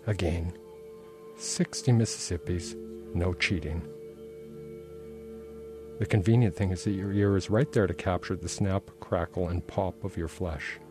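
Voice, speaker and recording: A man with a very low voice reads from his own novel, slow and deliberate in its dark first-person telling. Clear music plays behind him throughout. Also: fairly even intonation. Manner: measured, dark and intense first-person narration. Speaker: author reading his novel. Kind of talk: literary reading.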